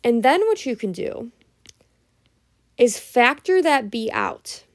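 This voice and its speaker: With a fairly high voice whose pitch swoops wildly, a young adult woman takes her math explanation slowly. She's casual and patient, going step by step, checking in often with "right?", and sounds tired so early in the morning.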